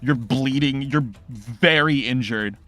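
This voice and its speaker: A man narrating a tabletop game as game master, telling the scene dramatically and often pausing to search for words. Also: medium pitch, fairly bright tone, soft background music.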